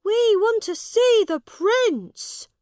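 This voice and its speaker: A woman voicing an angry crowd of townspeople who shout and mock. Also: extremely high pitch, animated, very slow, no room sound, clean studio sound, voice pushed up, heavily acted. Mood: jeering. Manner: shouting, mocking.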